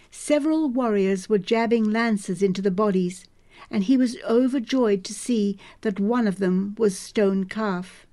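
Slow, mellow woman audiobook narrator. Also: medium pitch. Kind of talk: scripted novel narration.

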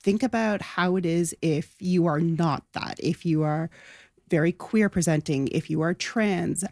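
A woman guest speaks in an animated, emphatic way, acting out little exchanges as she goes. Her voice sits on the lower side. The sound is dry and close, with no room echo. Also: unhurried. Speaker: guest, sports journalist. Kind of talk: conversational interview.

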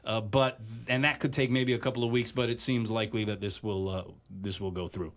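A man's voice: fairly low pitch, fairly even intonation. Man hosting sports talk radio. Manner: many filler uhs and pauses.

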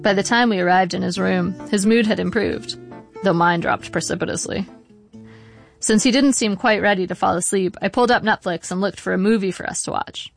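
A middle-aged woman reading her own memoir aloud in a measured, wry way. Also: medium pitch, gravelly, faint music behind. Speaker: narrator.

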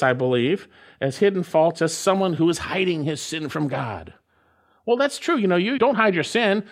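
A man preaching an expository sermon, stressing key phrases with repetition, slowing down and dropping to a hush for emphasis. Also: high-pitched. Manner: emphatic, repeats key phrases with dramatic pauses; swings between loud and hushed, slows to stress words. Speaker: pastor.

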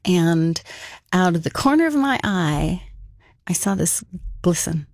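A woman's voice: fairly low pitch, lively intonation, a little slow, darkish tone, no room sound, studio quality. A woman telling a personal story in an interview, casual and conversational, with frequent fillers. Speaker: interview guest.

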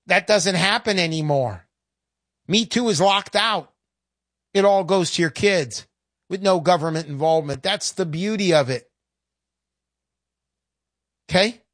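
A woman giving a chatty, sarcastic sales pitch with plenty of emphasis. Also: dry recording, clean studio sound. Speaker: sales spokesperson.

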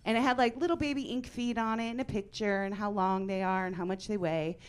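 A woman in her forties doing a stand-up comedy set on a club stage, with a wry, deadpan delivery that breaks into sudden loud outbursts. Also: medium pitch, a little fast, smooth.

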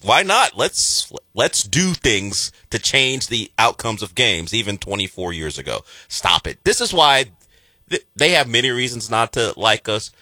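Bright, lively-voiced sports talker man. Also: fairly low pitch, measured pace, no echo. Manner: lively, mocking mimicry of others. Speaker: radio sports show host. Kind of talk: casual sports banter.

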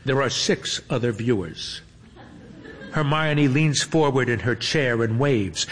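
A man narrating a story in an unhurried, dry and wry manner. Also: medium pitch, fairly bright tone, husky. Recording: faint hum with long reverb.

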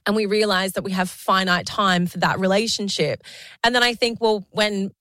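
A woman's voice: medium pitch, moderate pace, no room sound. A woman of forty talking in heartfelt casual chat, emotional and close to tears. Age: 40s. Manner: warmly emotional, tearful, self-deprecating laughs. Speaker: podcast co-host.

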